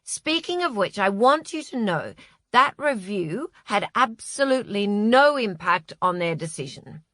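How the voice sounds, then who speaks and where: Woman playing a fussy apologetic man agent, gushing, slow and sorta bright. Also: mid-range voice, big pitch swings, no room sound, studio quality. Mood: flustered. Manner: gushing, hurried, self-reproaching. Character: flustered apologetic male literary agent.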